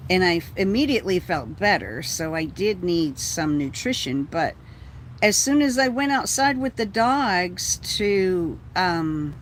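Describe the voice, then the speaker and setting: A livestreamer chatting casually with viewers from inside a bus, breathless and feeling ill, rambling slowly with sighs and casual swearing. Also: medium pitch, sing-song, slight background noise. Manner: slow, meandering, sighing, swears casually. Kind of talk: casual rambling live chat. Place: inside a bus living space.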